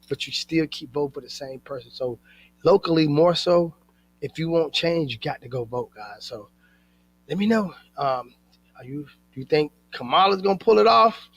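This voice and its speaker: A man's voice: on the high side, poor audio. A man hosting his own channel, chatting loosely to his viewers and rambling between topics. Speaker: channel host. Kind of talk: casual talk to camera.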